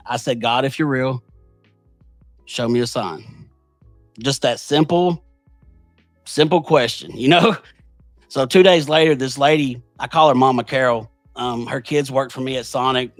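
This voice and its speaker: A man's voice: medium pitch, no echo. Earnest man telling a story. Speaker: podcast host. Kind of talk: casual conversation.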